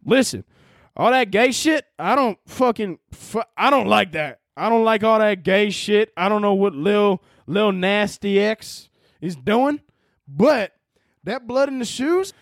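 A man's voice: sits high, expressive, unhurried, no echo, studio quality. A man voicing a crude, bigoted Southern hunter with a Southern US accent and a profane, drawling rant. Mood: scoffing.

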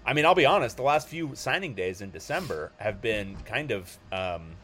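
A man's voice: fairly low pitch, sing-song, normal speed, a bit bright. A man hosting a casual sports podcast, talking loosely with lots of ums and restarts. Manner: hesitant, many ums and restarts.

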